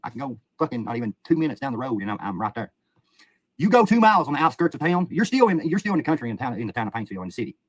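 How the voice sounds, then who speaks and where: A man's voice: medium pitch, big pitch swings, rapid-fire, no echo, studio quality. A man from Eastern Kentucky with an Appalachian accent, rambling and cursing in casual livestream chat outdoors by a river. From Eastern Kentucky, USA. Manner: profane, rambling, chatty.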